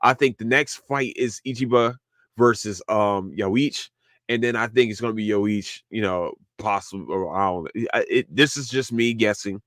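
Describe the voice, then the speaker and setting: Excitable man rambling about anime. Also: lowish voice, moderate pace, no echo, studio quality. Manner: excited, rambling, swears freely, repeats words. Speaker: podcast host. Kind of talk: casual solo anime review.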